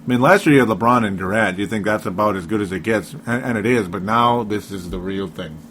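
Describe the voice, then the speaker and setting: A man's voice: fairly low pitch, fairly quick, a bit bright, slight background noise. A man co-hosting a casual sports podcast, rambling, laughing often and breaking off his own sentences. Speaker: podcast co-host.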